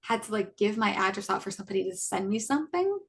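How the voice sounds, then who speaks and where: Here a twenty-something podcast co-host swings her mid-range pitch widely as she talks fast, with vocal fry and a husky, slightly bright sound. She recounts a personal story casually, performing the quoted exchanges, and chats along with lots of "like"s and restarts.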